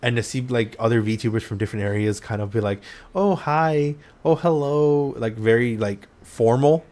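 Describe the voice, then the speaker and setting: A man's voice: on the low side, fairly even intonation, brisk, darkish tone. Regular guy hosting from home, swears a lot, lots of "like", chill rambly chat. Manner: loose, swears freely, lots of fillers. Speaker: podcast host. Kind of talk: casual chat. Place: home room.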